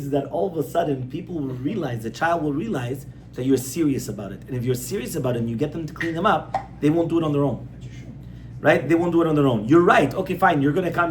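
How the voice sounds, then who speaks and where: Rabbi teaching a small group; plain conversational delivery, repeats himself for emphasis, faint room noise. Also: male voice, a little high, fast. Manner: conversational, repeats points, asks audience rhetorical questions. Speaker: rabbi giving a class. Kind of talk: informal Torah class on parenting.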